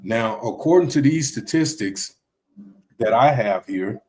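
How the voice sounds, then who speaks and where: A man hosting a casual discussion, reading from his notes and often pausing with ums and restarts. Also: medium pitch, expressive, darkish tone. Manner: hesitant, many ums and restarts.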